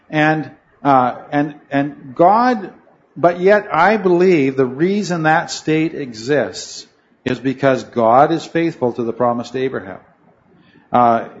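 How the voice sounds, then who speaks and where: A man's voice: medium pitch, muffled recording. A man teaching a Bible study class, talking in a rambling way, correcting himself mid-sentence and putting questions to his students. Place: room with a noisy fan.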